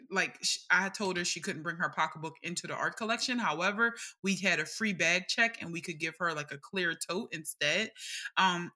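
A young adult woman co-hosting a podcast, telling stories in a casual, blunt, animated way. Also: lowish voice. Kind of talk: casual chat.

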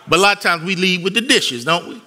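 A man preaching a sermon as pastor, moving between conversational asides and loud rising bursts. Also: high-pitched, animated, fast talker.

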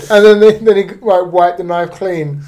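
A man's voice: high-pitched, darkish tone. A man in casual, laughing chat, recounting film scenes and swearing freely.

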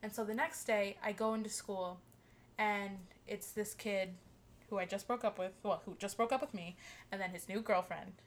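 A young woman casually telling a friend a story, animated, swearing freely and laughing as she talks. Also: mid-range voice, normal speed, a little hiss or hum. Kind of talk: casual chat.

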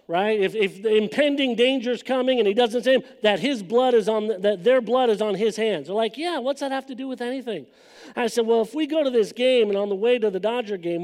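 A man's voice: sits high, darkish tone. A middle-aged man from California preaching a sermon testimony, telling his story and building to fervent emphasis. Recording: long hall reverb.

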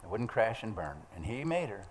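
A man preaching a sermon to a church congregation, animated and stammering on restarts as he questions the crowd. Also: on the low side, a little fast, a little hiss or hum. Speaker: pastor.

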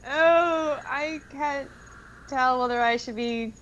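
A woman's voice: high voice, slow, fairly bright tone, muffled recording, slight background noise. A woman co-hosting a podcast, chatting casually and playfully. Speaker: podcast co-host.

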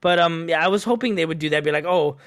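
A man's voice: fairly high pitch, rapid-fire, a bit bright, no echo. Laid-back man, dry close sound. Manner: laid-back, swears casually, mimics characters. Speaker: podcast co-host. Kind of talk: casual video game discussion.

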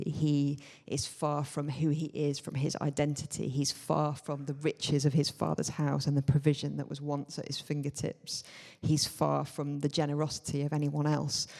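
A man's voice: fairly high pitch, creaky, darkish tone. Man preaching casually in a hall. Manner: informal and hedging, many fillers and asides. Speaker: church speaker. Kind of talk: conversational sermon teaching. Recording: long hall reverb.

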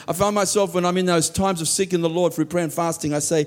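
A man preaching a sermon with earnest emphasis, often dropping to soft low tones and voicing heartfelt prayers aloud. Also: fairly even intonation, fast talker, few pauses.

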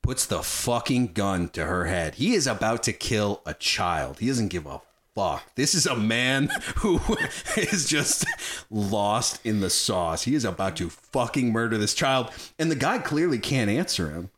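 A man's voice: lowish voice, very animated, a little slow, a bit bright. A man in a casual chat about a film, talking with animation, swearing freely and acting out quotes as he retells scenes.

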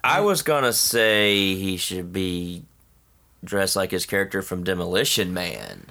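Slow, dry-talking man with a bright voice. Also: low voice, very animated, vocal fry. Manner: dry, laconic responder. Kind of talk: casual comedic chat.

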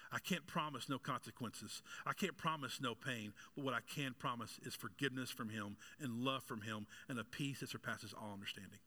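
A man's voice: medium pitch, a little fast, hardly any pauses, pushed and bright. A man preaching a sermon as pastor, asking his congregation questions and mixing in jokes as his delivery builds in intensity. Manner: joking aside with congregation members.

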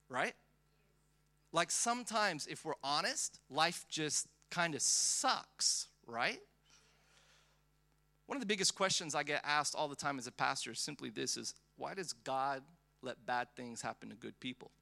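A man in his thirties, a pastor, preaching a sermon in a church in a lively, conversational way, telling personal stories and acting out quotes with many restarts. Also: medium pitch. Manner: animated, conversational, lots of restarts and acted-out quotes.

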